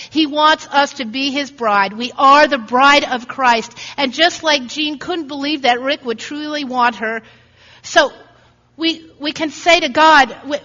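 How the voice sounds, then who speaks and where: A woman's voice: sits high, pushed and bright. A woman preacher giving a sermon in an earnest storytelling way, acting out the voices in her stories. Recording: dull recording in a reverberant hall.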